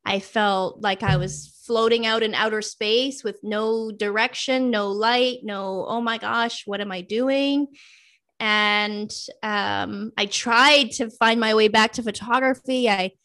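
Middle-aged woman, higher-pitched voice, storytelling guest, animated and expressive. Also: slow. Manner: animated, acts out her own past thoughts. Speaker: guest telling her career story. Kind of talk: personal storytelling.

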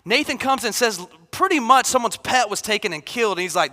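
A man in his thirties, a pastor, preaching a sermon in a casual, animated way. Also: high-pitched, a little fast, hardly any pauses. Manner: casual and animated, acts out Bible figures. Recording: long hall reverb.

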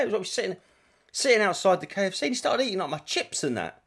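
A man's voice: sits high, very animated, vocal fry, a bit bright, husky. A man in his forties from England, a comedian talking casually and telling rambling stories with plenty of swearing and self-corrections. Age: 40s. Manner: chatty storyteller, swears freely, quick asides and self-corrections. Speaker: comedian and podcast host.

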